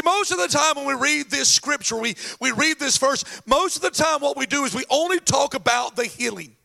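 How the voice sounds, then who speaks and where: Man, pastor, sermon, high-pitched, bright, animated storytelling. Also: vocal fry. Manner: animated storytelling, folksy asides.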